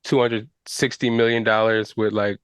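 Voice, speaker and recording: Man, podcast host, casual slangy football talk, smooth voice, dry sound. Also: on the low side, normal speed, no room sound. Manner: animated, slangy, fillers and restarts. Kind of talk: casual sports chat.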